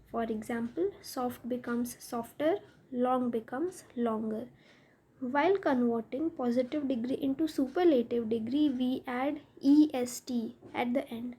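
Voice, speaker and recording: Woman teacher, high mellow voice, patient step-by-step grammar explainer. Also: husky. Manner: slow, step-by-step explaining, spelling out letters.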